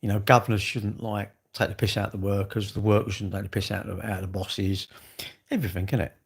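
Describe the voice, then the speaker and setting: Man, low-pitched, casual vlog monologue, rambling, lots of rhetorical questions. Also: little pitch movement, quick pace, vocal fry. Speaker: vlogger.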